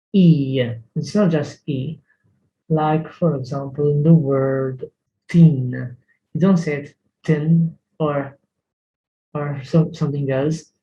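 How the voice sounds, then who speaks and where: A man's voice: fairly high pitch, warm tone, muffled recording, slight background noise. A man teaching a language lesson, carefully repeating words to model pronunciation, often hesitating.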